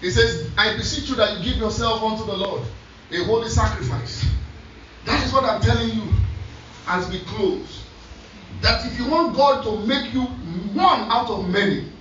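A man preaches with a high voice, telling stories and echoing scripture back to his congregation. He is picked up from a distance in a big echoing hall, with a dull, muffled sound and faint noise behind. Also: animated, normal speed, a bit bright. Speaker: pastor. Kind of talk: sermon.

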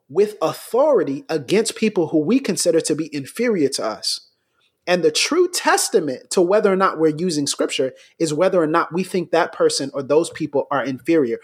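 A middle-aged American man, a pastor, telling stories in a relaxed podcast conversation, laughing between points. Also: fairly high pitch, breathy edge.

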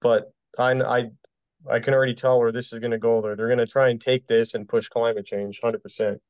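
A man guest on a podcast, speaking calmly and casually. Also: medium pitch, brisk, clear, resonant tone, no room sound. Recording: dry, dull lo-fi sound.

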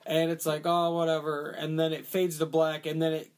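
Casual podcast talker, movie chat, rambling, lots of fillers and restarts, swears freely, mid pitch. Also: completely flat delivery, fairly quick, a little mellow.

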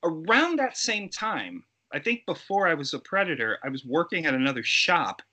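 Bright, lively middle-aged man telling stories. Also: a little high, moderate pace. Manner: animated, acts out quoted voices. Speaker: interview guest, creature suit performer. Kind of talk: casual storytelling interview.

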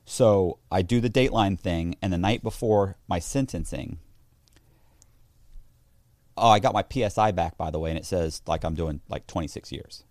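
This interview guest has a low voice and talks at normal speed, animatedly voicing the people he quotes as he tells a story in a casual interview. The studio sound is clean, with no echo.

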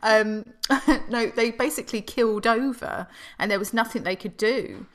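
A woman's voice: a little high, moderate pace, fairly bright tone. A woman co-hosting a podcast, telling a grim history story in casual chat and laughing often as she goes.

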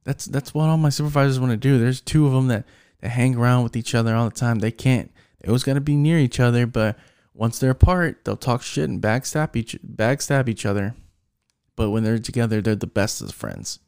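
A man's voice: medium pitch, fairly quick, darkish tone, smooth, no echo, studio quality. A young man venting in a casual, profane rant about his job, rambling and frustrated, restarting his sentences as he goes. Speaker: vlogger venting about work.

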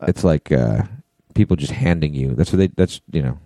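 A man co-hosting a casual comedy podcast from a hotel room, chatty and quick to laugh along. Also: very deep voice, expressive, dark tone, no echo. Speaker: podcast co-host.

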